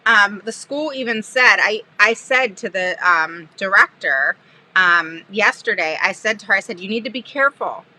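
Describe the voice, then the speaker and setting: A woman special education advocate chatting on a live stream, telling an animated, sarcastic story with frequent laughter. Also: medium pitch, measured pace, rough recording. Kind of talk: casual live-stream chat.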